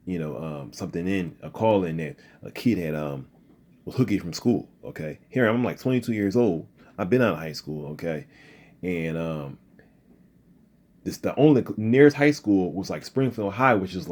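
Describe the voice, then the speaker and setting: A man's voice: fairly low pitch, darkish tone. A man from the area, giving an earnest commentary monologue and tagging his sentences with "okay?" and "you know.". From Philadelphia area, USA. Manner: frequent "okay?" and "you know" tags, restarts. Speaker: video commentator.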